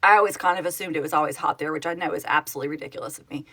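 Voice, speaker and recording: A middle-aged woman from Oklahoma talks into her phone on a home live stream, answering viewer comments as they come. Her voice is bright and clear, and she rambles and corrects herself in an easy, chatty way. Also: low voice, rapid-fire. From Oklahoma, United States. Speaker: livestream host, project founder. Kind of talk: casual live-stream chat reading comments.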